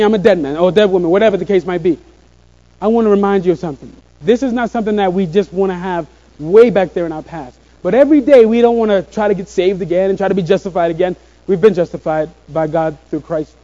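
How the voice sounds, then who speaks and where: A man preaching a sermon to a room of listeners, earnest and slowing down on key phrases. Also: sits high, mellow, dull audio. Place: room with a congregation.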